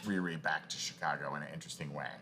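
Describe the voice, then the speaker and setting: A man's voice: extremely low pitch, steady tone, racing, a crowd in the background. A man co-hosting a podcast, tossing out playful, speculative theories in casual chat. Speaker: podcast co-host.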